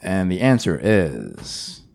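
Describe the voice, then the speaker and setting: A man's voice: deep voice, wildly swooping pitch, takes it slowly, creaky, darkish tone. A man co-hosting a podcast, quizzing his co-host in a casual, playful chat. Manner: quiz-show style, reading out listener stats.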